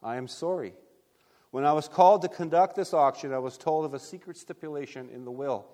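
A calm, formal auctioneer, spoken by a male preacher who announces the sale in a measured tone, his voice a touch high for a man. The words ring out with a long reverb, as in a church hall. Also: natural voice.

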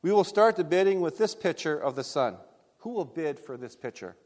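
A man voicing a persistent, formal auctioneer in a sermon story, announcing in a measured way. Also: on the high side, expressive, a little mellow, long reverb tail.

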